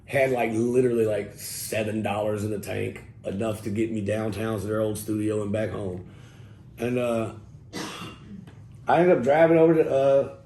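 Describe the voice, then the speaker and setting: A man telling casual stories as an interview guest, profane and animated, acting out what people said. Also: medium pitch. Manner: profane, animated, acts out quotes. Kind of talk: casual storytelling. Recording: echoey room with faint noise.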